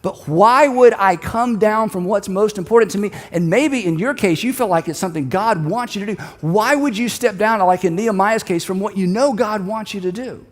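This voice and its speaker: Conversational pastor in an echoing hall. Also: male voice, sits high, moderate pace, hardly any pauses. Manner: conversational, builds to emphatic repeated lines. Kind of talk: sermon. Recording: long hall reverb.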